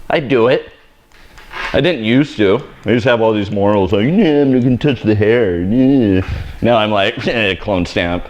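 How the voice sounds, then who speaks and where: A man hosting a live haircutting tutorial, joking and rambling in a self-deprecating way while he cuts. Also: fairly low pitch. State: sweaty. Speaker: hairstylist host. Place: hair salon education studio.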